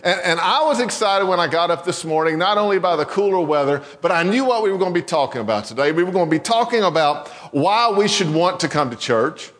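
A man's voice: high voice, expressive, quick pace, few pauses, fairly bright tone, in a large hall. A man preaching a sermon in a church, talking in a conversational, folksy way and often restarting his words. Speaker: pastor. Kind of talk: sermon with a told joke. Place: church sanctuary.

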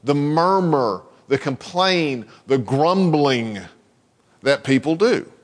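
A man's voice: a little high, animated, slow, long reverb tail. A man preaching a sermon in a conversational way, often repeating words and restarting his sentences. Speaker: pastor.

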